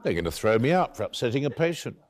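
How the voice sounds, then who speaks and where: Speaking quickly in a sing-song, mid-range voice close to his everyday one, a man performs a one-man stage play as an aging author. With tender, wry recollection, he tells of his late love in the first person and acts out both parts of their exchanges.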